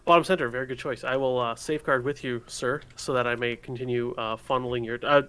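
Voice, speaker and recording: A man's voice: medium pitch, steady tone, fast talker, a bit bright, smooth, close to an everyday voice. Man doing servile butler type, stiffly formal, sir-heavy. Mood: fawning. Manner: formal, obsequious, repeats "sir". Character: overly polite fawning male butler.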